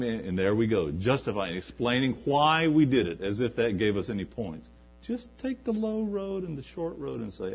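Man, pastor, sermon, low voice, dull lo-fi sound. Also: very animated, moderate pace, slightly rough. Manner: preaching with rising emphasis and quoted asides. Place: church. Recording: dull lo-fi recording.

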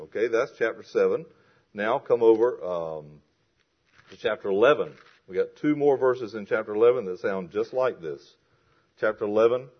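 A man's voice: fairly low pitch, lively intonation, a little slow, long pauses, lo-fi sound. A man preaching a sermon and reading scripture aloud with strong emphasis. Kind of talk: expository sermon.

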